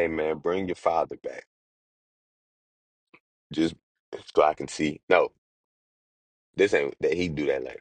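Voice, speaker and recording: Very deep-voiced man, slangy retelling. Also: fairly even intonation, no room sound. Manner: slangy, quick, acts out characters in everyday street talk. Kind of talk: casual comedic retelling of a Bible story.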